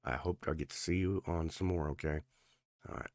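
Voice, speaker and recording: A man with a very low voice talks through a tarot reading in a loose, earnest ramble, full of fillers and restarts. His speech comes out a bit thick because his gums are sore, and the sound is close and dry with no room around it. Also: steady tone, fairly quick, darkish tone, no echo. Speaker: tarot reader.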